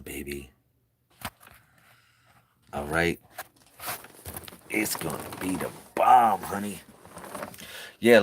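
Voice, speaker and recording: A man talking casually to his viewers, excitable and slangy, repeating himself and swinging from loud bursts to quiet murmurs. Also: low-pitched, dry recording. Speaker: video creator.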